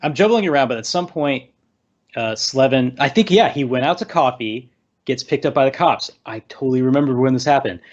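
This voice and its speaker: A man's voice: mid-range voice, expressive, brisk, dull audio. A man co-hosting a casual movie discussion, recapping scenes in a rambling way and acting out quotes. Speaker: podcast co-host.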